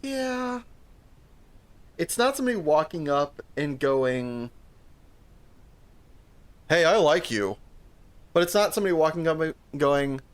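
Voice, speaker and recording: A man with a voice on the high side and lively intonation talks at a normal speed as he co-hosts a podcast. The conversation is a casual, rambling one about a movie, peppered with swearing and repeated restarts.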